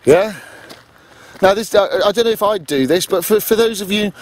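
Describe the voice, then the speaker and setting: High-voiced man ranting profanely. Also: normal speed. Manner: profane, emphatic, keeps asking "yeah?". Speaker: vlogger. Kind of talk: ranting monologue.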